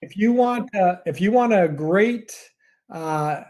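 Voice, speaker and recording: A man co-hosting a casual podcast as a mortgage broker, talking in a rambling, relaxed way. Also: high voice, slow pace, a crowd in the background. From Canada. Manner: rambling, many fillers and restarts, relaxed.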